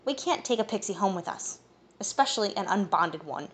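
A woman's voice: medium pitch, expressive, a little fast, fairly bright tone, lightly acted. A woman reading a small, prickly male pixie who grumbles and growls in an audiobook. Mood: grumpy.

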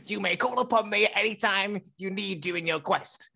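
A man's voice: high-pitched, fairly quick, vocal fry, sharp tone, pitched above the performer's own voice, exaggerated voice. A man voicing a brash, swearing male football boss who laughs through his lines. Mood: boastful.

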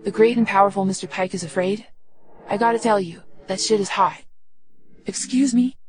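A woman's voice: mid-range voice, moderate pace, natural voice. A woman voicing a young woman lover who talks in a mocking, provoking way.

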